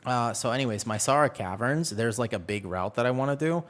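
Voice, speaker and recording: A young man streaming a video game, joking and chatting with his viewers in a casual, animated way. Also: mid-range voice, brisk. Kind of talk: casual gaming stream chat.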